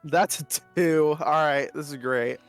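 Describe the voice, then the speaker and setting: A man's voice: a little high, faint music behind. A young man playing a tabletop game, calling out dice rolls and often correcting himself. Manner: slow, unsure, corrects himself. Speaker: player.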